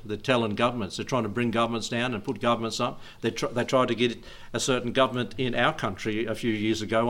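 In an informal, digressive sermon, a middle-aged male pastor chuckles often between points. His voice is mid-range and a bit bright.

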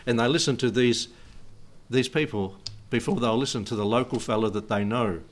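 A man's voice: mid-range voice, moderate pace. Chuckling, rambling male pastor. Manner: chatty and digressive, chuckling often between points. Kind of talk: informal sermon.

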